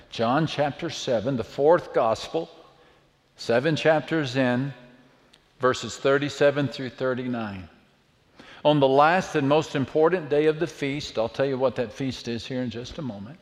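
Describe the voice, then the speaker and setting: A man preaching a sermon to a church, dramatic, swinging from hushed words to loud calls. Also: mid-range voice, measured pace. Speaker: pastor. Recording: long reverb of a church hall.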